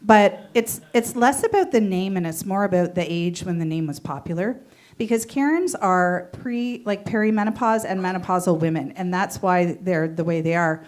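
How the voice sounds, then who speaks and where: A woman's voice: lowish voice, moderate pace, a little mellow. A woman doing an open mic stand-up set, wry and conversational, second-guessing her own jokes. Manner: wry, conversational, self-questioning. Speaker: stand-up comedian. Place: small comedy venue.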